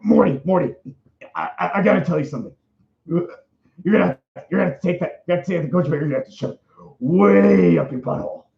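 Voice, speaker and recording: A man voicing a gruff, reckless old male scientist with a gravelly, rambling voice. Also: sits high, fast, dull audio.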